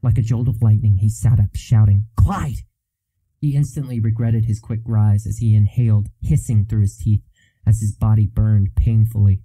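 A man narrating a fantasy novel as an audiobook in a steady, even storytelling manner. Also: fairly low pitch, normal speed, no echo, rough recording.

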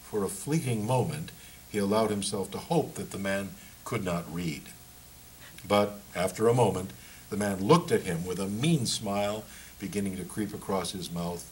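Low-voiced man reading his book. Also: normal speed, a little hiss or hum, rough recording.

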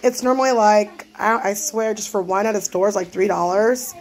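A woman's voice: mid-range voice, normal speed, darkish tone. A woman, a mother of six vlogging casually from her home kitchen at night, chatty and rambling. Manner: chatty, rambling, loses track. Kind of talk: casual vlog chat.

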